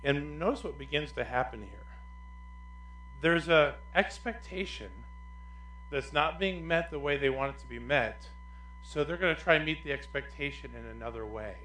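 A male pastor preaching with a bright, fairly high voice that leaps up for emphasis and drops low for quiet asides. His sermon rings through an echoey church room. A faint hum sits underneath. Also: moderate pace. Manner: animated, swings between loud emphasis and quiet asides.

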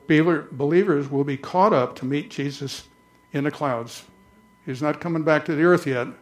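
A man preaching a conversational church sermon, slowing down to read scripture aloud. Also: medium pitch. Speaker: pastor.

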